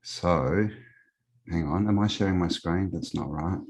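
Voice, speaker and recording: A man's voice: low-pitched, measured pace, a little mellow, breathy edge. A man with an Australian accent, a guest on a live stream, talking in a rambling, casual way with many fillers.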